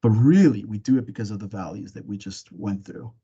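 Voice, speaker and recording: Male therapist presenting a webinar, warm low voice, relaxed and reflective, dull lo-fi video-call sound. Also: husky. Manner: gentle, asks slow reflective questions; casual, with fillers and restarts. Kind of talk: reflective webinar talk with guided imagery.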